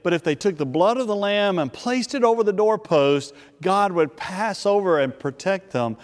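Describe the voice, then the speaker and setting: Brief: male pastor, higher voice, lively storytelling sermon, long hall reverb. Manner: storytelling with playful asides.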